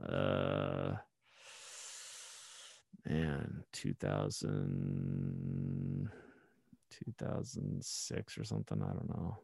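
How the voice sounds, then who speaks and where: A man's voice: extremely low pitch, animated, very slow, gravelly, pauses often, darkish tone, husky, dry recording, clean studio sound. A man co-hosting a podcast, telling a rambling anecdote in casual chat, with many restarts and bursts of laughter. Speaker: podcast co-host.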